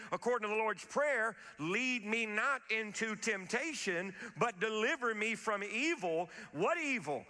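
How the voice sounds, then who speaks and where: A man with a high, very bright voice preaches a sermon, repeating words as he restarts his thoughts and slowing down for scripture. His voice rings out through a long hall reverb. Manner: repetitive restarts, emphatic preaching, quotes scripture slowly. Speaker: pastor.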